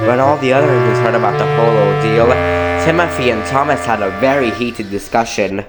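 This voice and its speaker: A man's voice: mid-range voice, brisk, faint music behind, poor audio. A man narrating a children's-style engine story in a matter-of-fact way.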